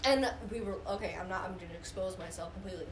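A woman's voice: mid-range voice, racing. A teenage girl telling a candid story in casual chat, swearing freely and filling with likes. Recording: roomy sound with music behind. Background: music.

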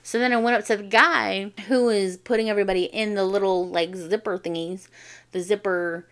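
Animated, slangy woman telling stories. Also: mid-range voice, moderate pace. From Navajo Nation, US Southwest. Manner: animated, slangy, acts out quotes. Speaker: vlogger host. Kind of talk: casual comedic storytelling.

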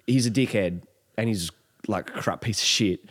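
A man's voice: lowish voice, normal speed, husky. Australian man, podcast co-host, casual banter, swears, long reverb in the room. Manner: jokey, swears, mocks in put-on voices.

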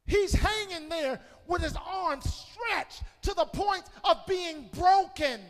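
Preaching a sermon as pastor, a man calls out to the congregation, his delivery swinging between shouted peaks and hushed, quiet passages. A long hall reverb fills the recording.

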